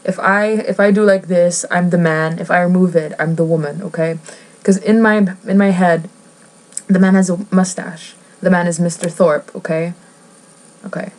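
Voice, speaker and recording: The speaker is a woman vlogger whose fairly low, slightly mellow voice holds a steady tone at a moderate pace. She reads a book aloud in a casual, chatty way, rambling, giggling and interrupting herself, on a rough recording.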